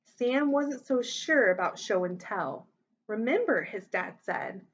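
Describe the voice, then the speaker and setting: A woman teacher reading a children's story aloud, voicing the characters with big expressive lifts in pitch. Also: takes it slowly, highs cut off, slight background noise.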